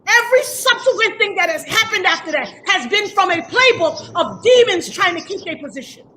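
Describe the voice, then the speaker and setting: A woman with a very high, sharp and bright voice delivers a heated livestream rant. She is defiant and emphatic, leaning into a preachy cadence as she calls people out. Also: sing-song, a little fast, a little hiss or hum.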